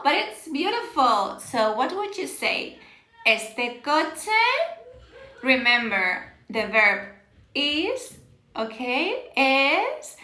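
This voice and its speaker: A woman teaches Spanish on a live stream, slowly and warmly encouraging her viewers as she reads out their answers and praises them. Her voice is high and bright, and she laughs easily as she mixes English and Spanish. The sound carries a roomy echo. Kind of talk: live-streamed language lesson. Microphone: phone on a live stream.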